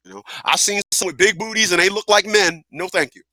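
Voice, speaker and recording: A man hosting a live talk radio show who talks in an animated, profane way, laughs often and repeats himself. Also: sits high, a little fast, dry recording.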